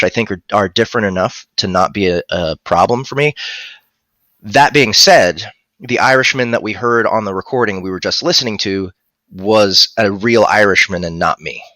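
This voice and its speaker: Chatty man with a bright dry voice. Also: lowish voice, dry recording. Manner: rambling, many restarts and fillers. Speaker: guest audiobook narrator. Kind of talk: casual livestream chat.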